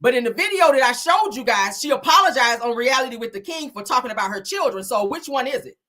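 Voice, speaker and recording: A woman's voice: a little high, expressive, quick pace, pushed and bright. A woman hosting reality TV commentary, blunt and scolding, with frequent swearing. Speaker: commentary host.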